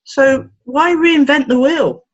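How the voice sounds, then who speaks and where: A woman therapist talking in an interview, telling stories playfully and acting out the voices she quotes. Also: takes it slowly. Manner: playful, acts out quoted voices with big pitch swings. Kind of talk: animated storytelling in conversation. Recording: dull lo-fi sound.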